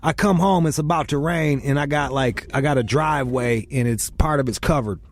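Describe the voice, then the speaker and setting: A man's voice: mid-range voice, brisk. A man hosting a casual chat, telling a long story with lots of swearing and acted-out quotes. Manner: profane, animated, quotes people in voices. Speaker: podcast host.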